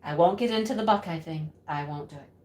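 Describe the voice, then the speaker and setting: A woman telling a story in an animated, exclaiming way. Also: low-pitched, quick pace. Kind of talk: storytelling chat. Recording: roomy echo.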